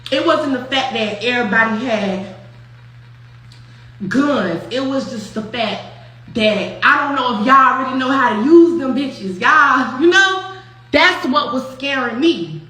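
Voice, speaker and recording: A young woman hosting a show, telling a story in casual, profane, animated talk with frequent laughter. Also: high-pitched, measured pace. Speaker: host. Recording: very echoey room with faint noise.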